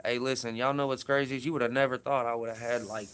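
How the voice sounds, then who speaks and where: A man's voice: mid-range voice, fairly even intonation, fast, fairly bright tone, clear, resonant tone. A man chatting casually on a phone stream from home, rambling and swearing his way through a story. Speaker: vlogger. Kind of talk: casual livestream chat.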